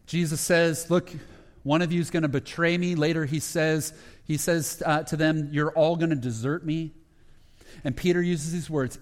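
A pastor telling a Bible story as a sermon, acting out the quoted lines and growing hushed at the tender moments. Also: male voice, a little high, steady tone, moderate pace. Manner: retells scripture with quoted dialogue, dropping to a hushed voice at emotional moments. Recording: long hall reverb.

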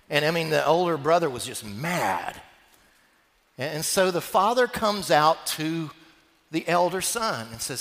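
A man's voice: fairly high pitch, expressive, a little slow, fairly bright tone. A man pastor preaching a sermon, telling a story dramatically. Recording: long reverb of a church hall.

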